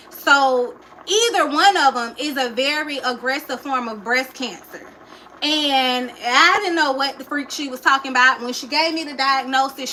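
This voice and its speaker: High, bright-voiced young woman. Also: slight background noise, poor audio. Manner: emotional, chatty, talks straight to viewers. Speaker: livestreamer. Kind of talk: casual personal storytelling.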